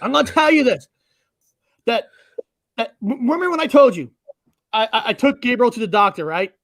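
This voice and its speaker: A man's voice: very high-pitched, very animated, fairly quick, a bit bright, no echo, clean studio sound. A man hosting a casual chat, ranting angrily with lots of swearing and repeated words. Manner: angry, profane, repeats himself. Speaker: podcast host.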